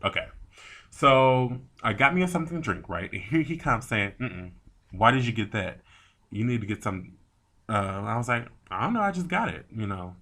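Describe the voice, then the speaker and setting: A man tells a rambling story straight to the camera, animated and quick to swear. His voice sits a little low yet sounds bright and forceful. He acts out both sides of each exchange as he goes. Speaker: vlogger. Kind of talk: casual storytime rant.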